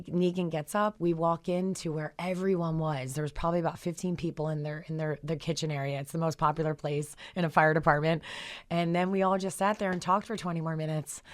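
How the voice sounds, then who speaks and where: A middle-aged woman with a notably low voice tells heartfelt anecdotes as a radio interview guest. She rambles, restarts and fills pauses, and her telling turns emotional. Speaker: guest, founder of a therapy dog group.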